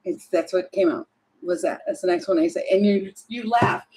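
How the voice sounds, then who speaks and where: A woman's voice: fairly low pitch, moderate pace, darkish tone, rough recording. A woman doing a casual tarot reading to camera at home, chatty and laughing, talking to herself between cards. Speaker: tarot reader.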